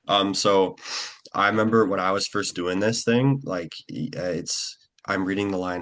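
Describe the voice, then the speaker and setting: Rambling low-voiced young man. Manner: relaxed, rambling, lots of fillers and quick acted-out quotes. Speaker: actor being interviewed. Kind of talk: casual interview chat.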